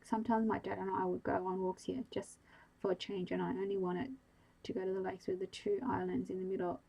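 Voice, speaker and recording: A woman's voice: mid-range voice, flat delivery, fairly quick, gravelly, dark tone, slightly rough, poor audio. A woman reading a reflective young man's lines in a storybook. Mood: wistful.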